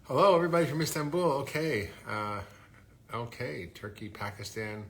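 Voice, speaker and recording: A man's voice: mid-range voice, expressive, normal speed, a little hiss or hum. Upbeat man hosting a phone livestream. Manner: chatty, upbeat, reading out viewer greetings. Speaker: host. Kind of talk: casual livestream chat.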